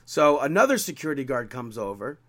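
This podcast co-host, medium-pitched and fairly quick, retells a story during casual chat. He voices the quoted dialogue of each exchange with animation and mounting exasperation.

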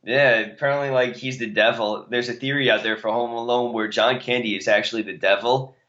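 A man's voice: medium pitch, fairly even intonation, fairly quick, bright, forceful tone. A man co-hosting a casual podcast, reading results in an easygoing way. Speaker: podcast co-host. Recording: slightly dull lo-fi sound.

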